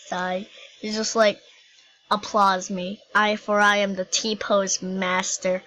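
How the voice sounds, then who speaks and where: Slow-talking playful woman gamer. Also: medium pitch, level tone, bright, forceful tone, a little hiss or hum, low-quality recording. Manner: playful and giggly, silly jokes. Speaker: gaming YouTuber. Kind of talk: gameplay commentary.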